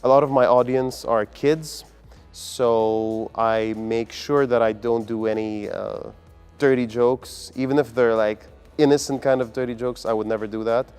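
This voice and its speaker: A man's voice: mid-range voice, fairly even intonation, measured pace, a little mellow, clear, resonant tone, soft background music. A man from the UAE, a comedian answering interview questions in an upbeat, earnest way. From United Arab Emirates. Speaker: comedian and guest.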